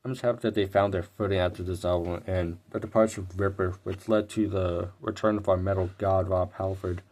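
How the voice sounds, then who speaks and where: A man's voice: sits low, steady tone, brisk, darkish tone. A young man giving a casual, blunt video review full of opinions and offhand swearing. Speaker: music reviewer.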